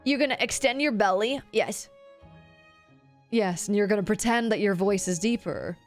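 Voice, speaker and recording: A woman streamer giving a casual, rambling voice acting lesson to her chat, often dropping her voice low to demonstrate. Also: moderate pace, soft background music.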